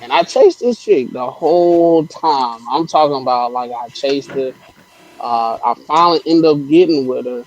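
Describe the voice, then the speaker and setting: A man co-hosting a casual talk show, telling a personal story in a relaxed way. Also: medium pitch, normal speed, rough recording. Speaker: podcast co-host. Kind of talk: casual chat.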